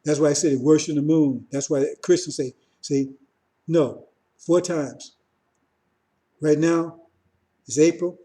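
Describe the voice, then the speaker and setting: Guy preaching loose and casual, kinda higher voice but mellow, says "see?" a lot, repeats himself. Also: steady tone, normal speed. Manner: repetitive, keeps asking "see?", restarts often. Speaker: religious teacher. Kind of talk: informal sermon.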